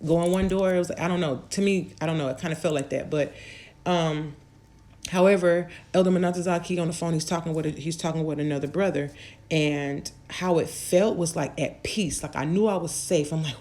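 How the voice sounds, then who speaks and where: A woman channel host tells stories casually in a rambling way, full of fillers and restarts. Her voice sits low and darkish with a steady tone, at a normal speed.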